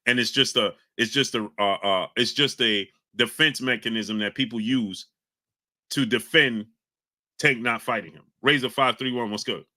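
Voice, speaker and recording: A man's voice: medium pitch, normal speed. Fired-up man hosting a live chat. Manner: combative, shouts out chat names. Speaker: livestream host reading chat. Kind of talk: heated live-stream talk.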